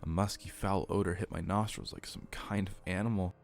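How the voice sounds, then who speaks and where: A man narrates a horror story in a low, steady voice. His reading is earnest and even, with faint music playing underneath. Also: a little fast, creaky.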